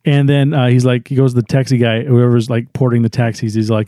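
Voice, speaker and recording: A young man with a mellow, darker voice chats through a movie plot for a podcast, slipping into quick put-on quotes. The sound is close and dry, with no room around it. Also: mid-range voice, level tone, no room sound. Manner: retells scenes with quick put-on quotes and laughs. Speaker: podcast co-host. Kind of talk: casual movie recap chat. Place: indoor studio, wearing a tiny hat.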